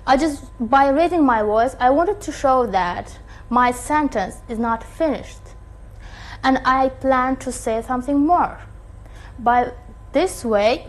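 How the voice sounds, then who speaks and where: A woman teaching an online English listening lesson, speaking deliberately and often checking in with her students. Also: sits high, rough recording. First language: Turkish. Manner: slow, deliberate teacher talk with frequent checks.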